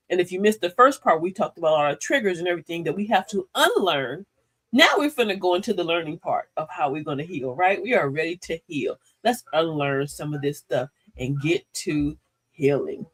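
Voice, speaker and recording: Lively older woman hosting a talk. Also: on the low side, normal speed. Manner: animated, preachy, playful with slang. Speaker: host of a live talk show. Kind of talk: motivational live-stream talk.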